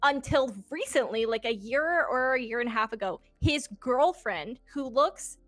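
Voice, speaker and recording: A woman in her twenties, a guest telling a personal story in casual chat, animated and swearing, laughing often and acting out quotes. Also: high-pitched, normal speed, dry recording, faint music behind. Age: 20s.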